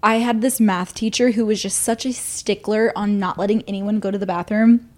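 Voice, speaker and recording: A woman's voice: medium pitch, fairly even intonation, moderate pace, darkish tone. A young woman co-hosting a podcast, telling a school story in casual chat with lots of laughs. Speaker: podcast co-host.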